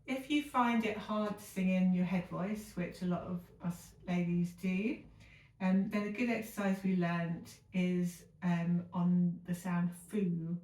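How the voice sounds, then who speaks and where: A woman teaching a singing lesson, explaining calmly with frequent ums and demonstrating exercises herself. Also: lowish voice, measured pace. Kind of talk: vocal technique lesson with sung demonstrations. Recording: echoey room, voice a bit far from the mic, piano faintly behind.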